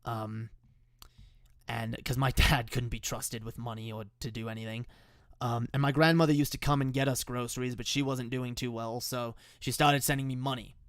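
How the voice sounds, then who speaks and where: A man's voice: medium pitch, fairly even intonation, normal speed, a bit bright, dry recording, studio quality. A young man telling a painful personal story in a raw, emotional way, swearing often and stumbling over restarts. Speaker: musician telling the story behind a song.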